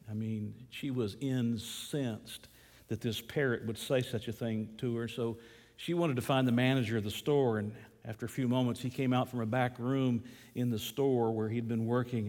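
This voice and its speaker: Folksy male preacher in a reverberant hall. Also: medium pitch. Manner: folksy storyteller. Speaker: pastor. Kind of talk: sermon with a joke.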